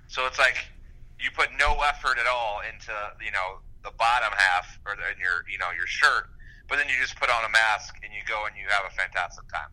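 A man's voice: lowish voice, pushed and bright. A man chatting casually over a phone call while pacing around, rambling and laughing easily. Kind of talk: casual chat.

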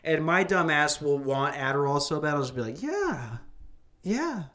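A man's voice: fairly high pitch, steady tone, brisk, bright, forceful tone. Profane rambling young man from Minnesota. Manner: rambling, profane, laughs through his stories. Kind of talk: casual podcast chat.

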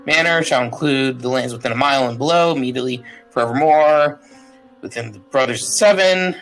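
A man playing a tabletop game, reading a legal deed aloud haltingly and stumbling over words with fillers. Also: medium pitch, fairly bright tone, faint music behind, low-quality recording. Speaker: player.

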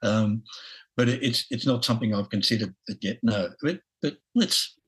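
A man in his sixties with an Australian accent, a podcast guest talking haltingly with lots of restarts and chuckles. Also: medium pitch, breathy edge, rough recording. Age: 60s. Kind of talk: casual interview.

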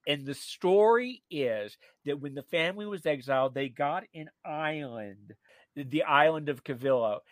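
A man co-hosting a radio show, telling a story in a gossipy, animated way with many fillers and restarts. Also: on the high side, measured pace, dry recording. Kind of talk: casual radio chat. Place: radio studio.

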